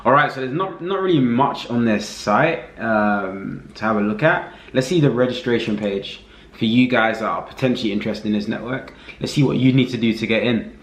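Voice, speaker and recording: A man giving a casual screen-recorded walkthrough as a reviewer, relaxed and thinking aloud with many fillers. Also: medium pitch, normal speed. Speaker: affiliate marketing reviewer. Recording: roomy echo.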